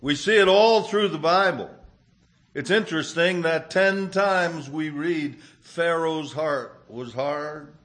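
A man preaching a sermon, telling a fable in a gentle storytelling manner before applying it to scripture. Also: medium pitch.

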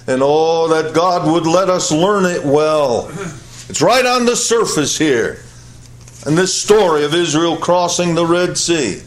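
A male pastor preaching a sermon, emphatic and repetitive, swinging between high loud peaks and low quiet drops. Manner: emphatic, repeats phrases for weight.

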